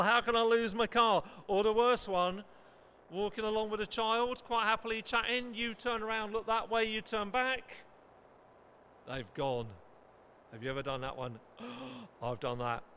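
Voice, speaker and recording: A middle-aged man preaching a lively sermon, acting out panicked voices and asking the audience questions. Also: very high-pitched, slight background noise.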